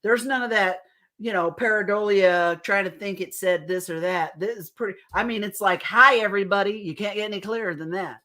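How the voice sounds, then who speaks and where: A woman's voice: mid-range voice, a little fast. Laughing woman co-host swapping stories. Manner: laughs often, swears casually, excited storytelling. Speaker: paranormal investigation podcast co-host. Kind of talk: casual chat.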